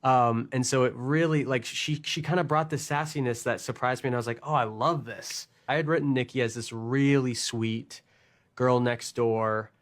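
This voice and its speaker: A man, the screenwriter, talking casually in an interview and pausing with fillers. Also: medium pitch. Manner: relaxed, hesitant, with fillers.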